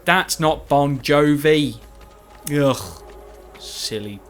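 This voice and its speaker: A man with a fairly high voice draws out his words, soft background music behind him, as he gives chatty, rambling, self-mocking commentary over his own recorded gameplay in Let's Play style.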